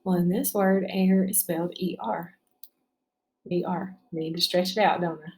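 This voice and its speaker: A woman's voice: fairly low pitch, fairly even intonation, moderate pace, slight background noise. A woman teacher leading a spelling lesson for children, patiently sounding out each syllable and checking in with "right?".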